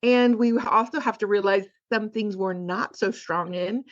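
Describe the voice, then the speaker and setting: A woman's voice: mid-range voice, a little slow, highs cut off. A woman hosting a casual podcast, asking questions and affirming her guest. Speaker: podcast host.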